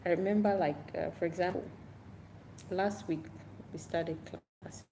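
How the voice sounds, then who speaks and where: A woman English teacher giving casual tips to camera, unhurried and repetitive, acting out classroom chants aloud. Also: on the low side, fairly even intonation, creaky, noisy background.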